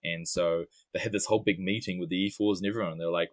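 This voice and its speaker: A man's voice: deep voice, fairly even intonation, rapid-fire, few pauses, dry recording. A man with a New Zealand accent, a podcast guest chatting casually, joking and rambling with many ums.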